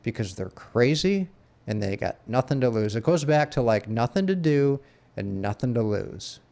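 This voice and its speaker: A man's voice: medium pitch, animated, mellow. Laid-back, swearing podcast co-host man. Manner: laid-back, profane, halting restarts. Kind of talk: casual chat.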